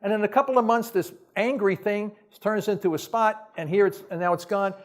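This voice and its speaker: Male professor lecturing a hall; higher-pitched, blunt and exasperated, punchy rhetorical questions, loose unscripted delivery. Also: steady tone, fairly quick. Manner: casual, off-the-cuff phrasing with restarts. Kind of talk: science lecture to an audience.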